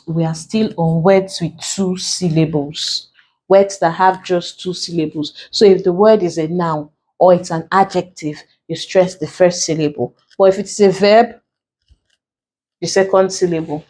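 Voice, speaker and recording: Slow-speaking Nigerian woman teaching. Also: on the low side, steady tone, a little mellow, rough recording. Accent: Nigerian English. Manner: slow, deliberate, repeats key points. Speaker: tutor. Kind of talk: exam-prep lesson at a board.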